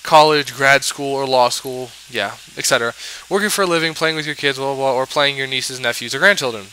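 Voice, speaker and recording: A man's voice: medium pitch, sing-song, fairly quick, pushed and bright, a little hiss or hum, rough recording. A man in a casual, exasperated rant about a card game, sarcastic and rambling, full of fillers and restarts. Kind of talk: ranting commentary.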